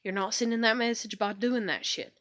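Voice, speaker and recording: A woman's voice: fairly high pitch, fairly even intonation, brisk, fairly bright tone, no echo, clean studio sound. A young woman vlogging into her phone, venting in a frustrated, swearing, repetitive rant about home life.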